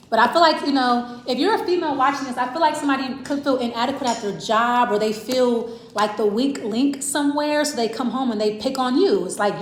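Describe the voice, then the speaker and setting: A woman's voice: high-pitched, fairly quick, few pauses, a little hiss or hum. Woman tarot reader, casual and rambling, addressing the viewer directly; roomy, reverberant sound. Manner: rambling, repeats "I feel like", talks straight to the viewer. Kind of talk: casual tarot reading to camera. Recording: roomy echo.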